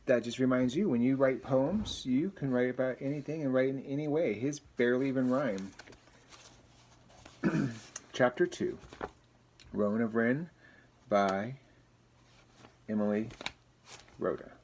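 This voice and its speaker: A man's voice: mid-range voice, unhurried, pauses often, a little mellow, a little hiss or hum. Man reading aloud to kids. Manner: friendly, chatty asides between reading. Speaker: teacher.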